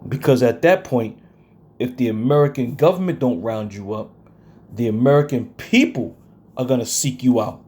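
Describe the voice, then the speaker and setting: A man delivers a confrontational sermon with a dark, mellow tone. He lectures his listeners bluntly and slows down to read scripture with weighty emphasis. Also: mid-range voice, slightly rough. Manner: confrontational, blunt, reads verses slowly and stresses them. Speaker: preacher.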